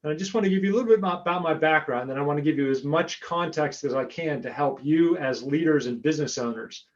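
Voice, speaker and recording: An American man gives a chatty webinar presentation as a guest speaker over a remote call, often repeating words as he finds his thread. His voice is on the high side and he talks fast. The remote call audio sounds lo-fi.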